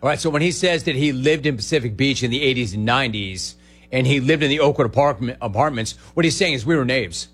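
A man hosting a call-in radio show, brash and quick, riffing and repeating words for comic effect. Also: medium pitch, animated, a bit bright, breathy edge, soft background music. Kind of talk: sports talk radio call-in.

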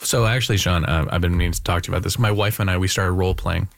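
A man on a radio show telling a deadpan joke about his marriage. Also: low voice, very fast, gravelly, no echo, clean studio sound.

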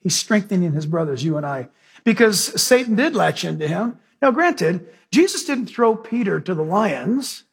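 A male pastor preaching an animated sermon, telling stories and acting out voices. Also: sits high, moderate pace, creaky, husky. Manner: animated, storytelling, acts out voices.

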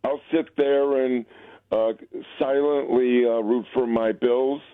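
A man's voice: medium pitch, steady tone, slow pace, clear, resonant tone, dry recording. A man calling in to a sports radio show, easygoing and hesitant, with many fillers. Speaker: caller. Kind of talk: phone-in call. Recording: tinny phone line, dry.

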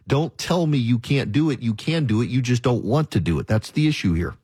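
Emphatic, husky radio talk host. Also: male voice, mid-range voice, animated, a little fast, a little mellow, dry recording. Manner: emphatic, ranting, mocks critics in quoted voices. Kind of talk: opinionated talk radio monologue.

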